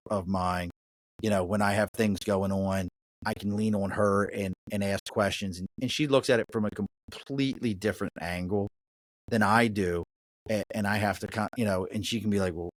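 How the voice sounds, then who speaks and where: A man's voice: lowish voice, fairly even intonation, moderate pace, no room sound. A middle-aged man with a Baltimore accent, chatting casually as a podcast guest, blunt and profane in his storytelling. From Mid-Atlantic US. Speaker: podcast guest, business owner. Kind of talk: casual chat.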